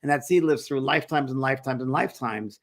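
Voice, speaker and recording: A man with a middle-range voice co-hosts a casual show as a medium. He speaks in a relaxed, agreeable way, and his sentences loosely wander. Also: medium pitch, fast, creaky. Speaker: co-host, medium. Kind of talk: casual chat.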